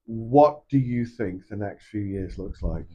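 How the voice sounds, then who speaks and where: A man's voice: lowish voice, animated, measured pace, dark tone, breathy edge, highs cut off. An easygoing male podcast host in casual chat. He answers briefly and moves his guest along with questions. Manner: easygoing, asks questions, short replies.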